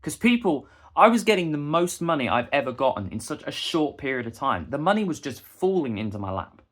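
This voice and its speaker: A man's voice: on the high side, big pitch swings, a little fast, a bit bright. A young man, delivering a heated, indignant rant straight to the camera. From England. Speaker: busker and vlogger. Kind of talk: ranting monologue to camera.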